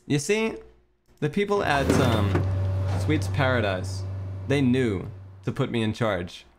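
A man's voice: medium pitch, very animated, slow, background noise. A young man streaming a cooking game, talking to himself in a frantic, swearing rush and breaking into panicky outbursts. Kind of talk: gameplay commentary.

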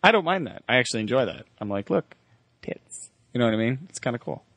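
A young man co-hosting a podcast, chatting casually with sarcastic, deadpan jokes. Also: mid-range voice, rapid-fire, breathy edge, no echo. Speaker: podcast co-host. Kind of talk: casual chat.

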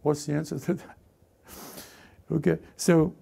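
Gravelly-voiced preacher, animated. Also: male voice, fairly high pitch, takes it slowly. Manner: animated, repeats words, acts out characters. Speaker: pastor. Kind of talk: lively sermon with acted-out voices.

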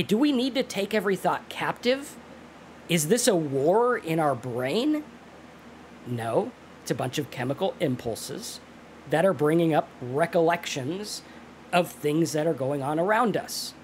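Lively male co-host, swings up and down a lot, casual and blunt, faint noise in the room. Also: fairly high pitch. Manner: animated, acts out inner voices, swears casually. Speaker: podcast co-host in recovery. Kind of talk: casual recovery talk.

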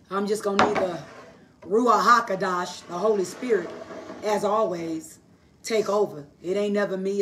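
A woman teaching a livestreamed sermon, hoarse from losing her voice, preaching emphatically in a folksy style and answering herself with quick asides. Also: medium pitch, a bit bright, distant mic, slight background noise. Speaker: Bible teacher. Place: live online broadcast.

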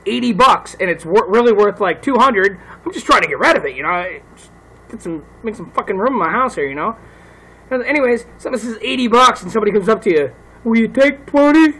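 Gravelly, lively man ranting profanely. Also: high voice, low-quality recording. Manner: rambling, heavy swearing, laughs at own jokes. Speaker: comedian ranting. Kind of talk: casual profane rant. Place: home. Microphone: phone.

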